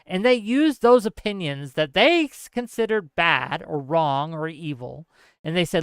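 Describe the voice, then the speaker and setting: Smooth-voiced man lecturing his audience. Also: a little high, lively intonation, a bit bright, dry recording. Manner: earnest, lecturing, speaks straight to the audience; fast bursts with heavy repetition. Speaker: political streamer. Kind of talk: impassioned political commentary monologue.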